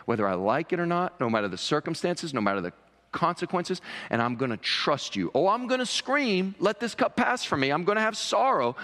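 A man preaching a sermon as pastor, impassioned, often rising high for emphasis. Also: a bit bright. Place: church sanctuary. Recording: long reverb of a church hall.

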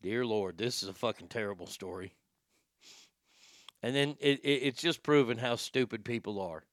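A man's voice: medium pitch, moderate pace, no echo, clean studio sound. A man hosting a show, telling crude news stories in a sarcastic, joking way. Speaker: host. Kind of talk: casual comedic news commentary.

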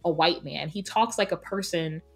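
A woman co-hosting a casual podcast roundtable, speaking in a fairly low voice. She argues her points emphatically, with plenty of opinion and animation. A faint bed of music plays underneath. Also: normal speed. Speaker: podcast co-host.

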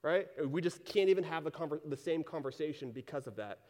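A man's voice: a little high, animated, a little fast, darkish tone, big-room sound. A man preaching a sermon in a casual, conversational way, retelling scripture in everyday speech. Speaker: pastor.

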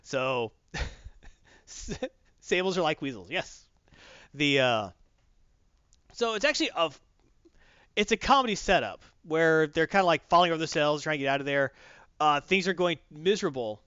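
A man hosting a casual chat reviewing a comic book, rambling and animated, acting out voices. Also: fairly high pitch, moderate pace, smooth, no echo, muffled recording. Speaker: podcast host.

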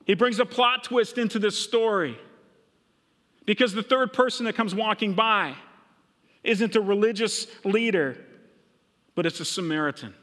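A man's voice: high voice, unhurried, long pauses, fairly bright tone, long reverb tail. A middle-aged man from Minnesota preaching a sermon, retelling a story and voicing the characters' thoughts. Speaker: pastor.

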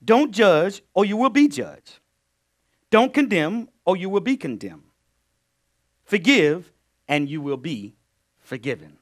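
A male pastor preaching a sermon in a call-and-response style, loud bursts one moment and low asides the next. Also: sing-song, slow, pauses often.

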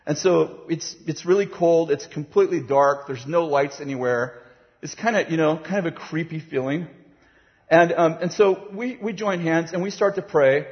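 A man's voice: on the high side, moderate pace. A man with a slightly raised voice tells a story from a sermon platform, acting out the voices and laughing as he goes. His voice rings with the long reverb of a big hall, and the recording sounds somewhat muffled. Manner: animated, acts out voices, laughs while telling. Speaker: preacher.

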